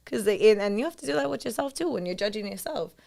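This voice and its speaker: A woman's voice: mid-range voice, fast talker, creaky, crowd noise. A woman as a podcast guest in casual chat, candid and profane, acting out her own inner voice. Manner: candid, profane, animated self-talk.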